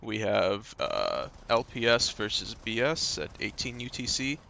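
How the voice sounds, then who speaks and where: A man casting a live esports match, giving relaxed analysis and schedule notes. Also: on the low side, a little slow, gravelly, slight background noise. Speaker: esports caster.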